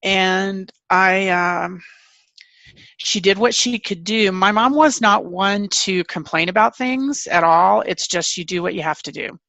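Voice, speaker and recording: A woman author and family caregiver answering interview questions candidly, with halting restarts. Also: mid-range voice, gravelly, a bit bright, no echo.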